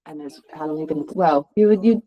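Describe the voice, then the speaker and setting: A woman's voice: low-pitched, brisk, dull audio. A woman from the London suburbs with a slight Cockney accent, chatting as an interview guest, rambling with frequent ums and restarts. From suburbs of London, England. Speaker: guest, Airbnb host and hairstylist. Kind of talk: casual interview chat.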